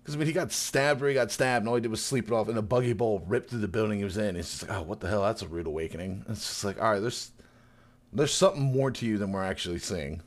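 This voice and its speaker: A man on a casual podcast, animatedly recapping a chapter and acting out the characters' lines with laughter. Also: fast. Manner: animated retelling, acting out characters with big pitch jumps and laughter. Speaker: podcast co-host.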